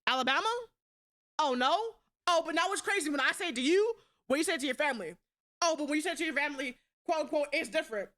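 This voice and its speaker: Bright-voiced blunt streamer woman. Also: animated, rapid-fire. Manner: blunt and profane, swings between loud outbursts and low asides, laughs often. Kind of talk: casual livestream chat.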